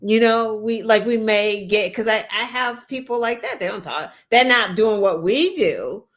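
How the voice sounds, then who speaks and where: A woman's voice: on the high side, moderate pace. A woman co-hosting a casual political chat show, talking emphatically and swearing freely, with lots of "like" and "you know". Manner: emphatic, profane, with many "like" and "you know" fillers. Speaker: co-host.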